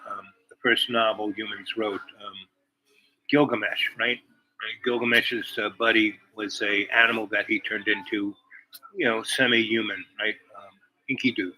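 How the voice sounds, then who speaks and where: A man's voice: on the low side, flat delivery, moderate pace, sharp tone, a little hiss or hum, low-quality recording. A man hosting a vlog, telling stories and musing in a meandering, casual monologue. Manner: meandering storyteller, drifting between anecdote and musing. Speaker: vlog host.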